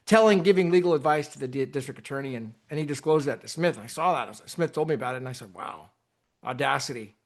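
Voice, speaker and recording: A man's voice: fairly high pitch, racing, hardly any pauses. A man hosting his channel, casually retelling a court hearing and acting out the people in it, with many restarts. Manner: animated, acts out quoted voices, many restarts. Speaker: host retelling a court case. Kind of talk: casual storytelling commentary.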